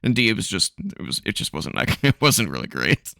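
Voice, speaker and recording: Gravelly, very expressive low-voiced man. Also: a little fast, dry recording, studio quality. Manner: laughs often, very expressive. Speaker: co-host. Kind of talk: casual chat.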